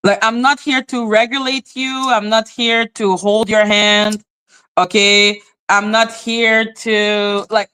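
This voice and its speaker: A woman with as her ranting bluntly on a live stream, swearing freely, dropping to flat mutters and jumping to high exclaims. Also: slow, clear, resonant tone. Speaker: livestream host. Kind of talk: casual live-stream rant.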